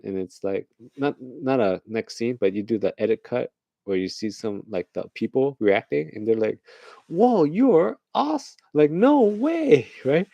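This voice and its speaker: A man talks through a late-night casual rant, rambling from one idea to the next and laughing at his own jokes. His voice sits low and gravelly, with a mellow, dark tone. The sound is dry and close, with no room around it. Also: no room sound, lo-fi sound. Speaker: host.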